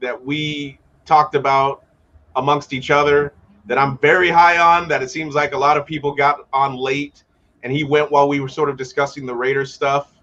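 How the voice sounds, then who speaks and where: Male co-host analyst, bright and keen, audio a bit dull and lo-fi. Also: on the high side, level tone, normal speed. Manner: eager, talks players up. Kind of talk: casual sports talk show.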